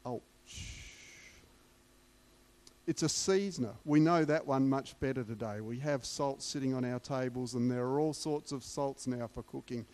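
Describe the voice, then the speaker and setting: A man's voice: mid-range voice, darkish tone. A man preaching a sermon, emphatic and repeating key words for weight.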